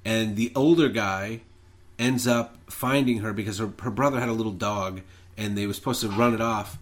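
A man co-hosting a podcast, recapping film stories in relaxed chat with mild swearing. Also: lowish voice, normal speed. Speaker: podcast co-host. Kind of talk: casual chat.

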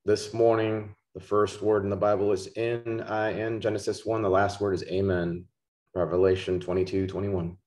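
A man preaching a podcast sermon, slow and emphatic, repeating key words for stress. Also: lowish voice, little pitch movement, a little mellow. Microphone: podcast microphone.

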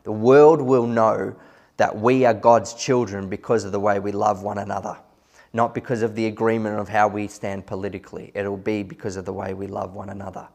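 A man preaching a sermon in an earnest, conversational way, slowing down to stress key words. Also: lowish voice, level tone, darkish tone. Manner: loose and conversational, with small asides.

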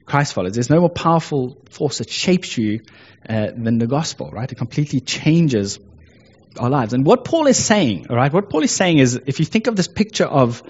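A man's voice: mid-range voice, sing-song, normal speed, a little mellow, slightly rough, muffled recording. A man with a South African accent preaching a sermon in a conversational way, often checking in with "right?" and "okay?". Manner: conversational, frequent tag questions like "right?" and "okay?".

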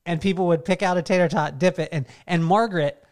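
A man hosting a podcast, telling stories in a casual, animated way and laughing often. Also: high-pitched, fast. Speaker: podcast host. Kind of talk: casual chat.

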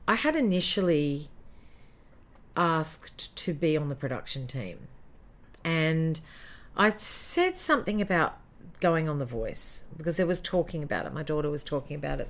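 A middle-aged Australian woman, a former jingle singer, telling lively anecdotes in a casual interview and acting out the quotes. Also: deep voice, moderate pace.

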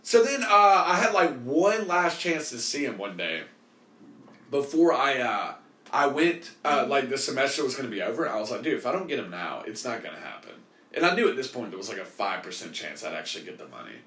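A man tells a rambling story as a show host, with a lively, swinging pitch. He softens his swearing, and his voice rings in an echoey room. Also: fairly quick. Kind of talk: casual storytelling.

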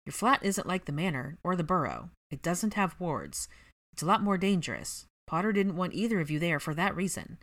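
A woman voicing a reserved young male wizard who speaks in a measured, firm and reluctant way. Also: lowish voice, sing-song, a bit bright, exaggerated voice.

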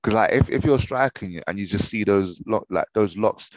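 A young man co-hosting a football podcast, relaxed and chatty, often restarting his sentences. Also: lowish voice, normal speed, no room sound. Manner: relaxed, laughing, hesitant restarts. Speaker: podcast co-host. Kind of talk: casual football chat.

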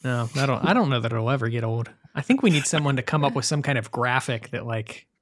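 A man's voice: mid-range voice, animated, quick pace. A man hosting a casual group podcast, rambling and laughing easily as he introduces his co-hosts. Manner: rambling, laughs easily, mock-sings in a put-on accent. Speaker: podcast host.

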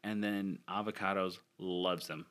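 A man's voice: low voice, steady tone, measured pace, a bit bright. A young man chatting casually as a podcast co-host, upbeat and eager, stumbling over restarts. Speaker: podcast co-host, new father. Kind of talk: casual chat.

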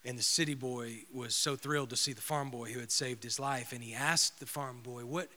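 A male pastor preaching a sermon, telling a story and swinging from loud proclamation to a hushed whisper. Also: medium pitch, steady tone, moderate pace.

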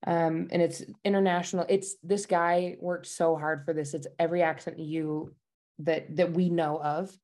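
A woman working as a dialect coach, chatting casually in an interview, bubbly and quick to laugh. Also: on the low side, little pitch movement, a little mellow. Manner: bubbly, laughs often, enthusiastic about food. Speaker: dialect coach at a themed park. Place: Utah.

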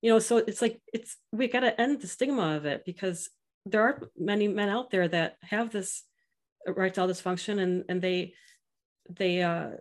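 A middle-aged woman talking earnestly as a podcast guest, telling stories and quoting others in an animated way. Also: medium pitch, moderate pace. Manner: earnest, animated storytelling with quoted voices. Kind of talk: casual interview chat.

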